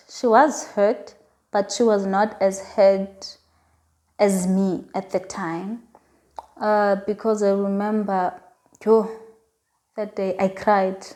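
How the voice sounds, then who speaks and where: A woman's voice: mid-range voice, warm tone. A woman telling a personal faith testimony in a casual, earnest way, often repeating herself as she talks. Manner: earnest, emotional, repeats words and phrases. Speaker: vlogger sharing a faith testimony.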